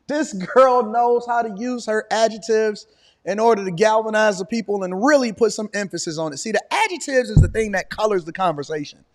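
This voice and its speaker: A man, hosting a live political reaction stream in an animated, preachy way. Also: sits high, moderate pace. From Detroit, Michigan. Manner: animated, preachy, hammering repetition. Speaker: political commentary host.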